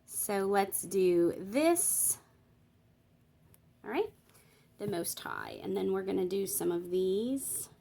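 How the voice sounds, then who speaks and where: A woman's voice: medium pitch, sing-song, takes it slowly, vocal fry, pauses often, dark tone. Chatty woman teaching hand lettering. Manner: chatty, thinks aloud while working; explains step by step, checks in with "all right?". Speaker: Bible journaling teacher. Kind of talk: casual craft tutorial.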